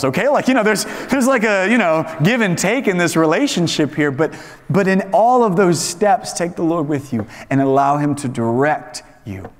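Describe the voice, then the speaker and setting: A man teaching a young adults Bible study in a casual, conversational sermon style, animated and acting out quoted voices. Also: fairly high pitch. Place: church hall. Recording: echoey hall reverb.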